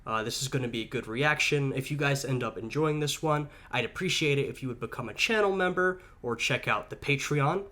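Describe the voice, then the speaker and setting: A man's voice: medium pitch, fairly quick, few pauses, sharp tone. A man hosting a history reaction video, slightly sick and chatting casually while thinking aloud. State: a little sick, voice sounds off. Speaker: host of a history reaction channel.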